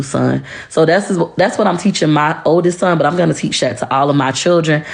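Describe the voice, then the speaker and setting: A woman's voice: deep voice, vocal fry. A woman delivering a blunt, profane, confrontational rant straight to camera, lecturing her listeners emphatically. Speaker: social media personality. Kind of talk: ranting to-camera monologue.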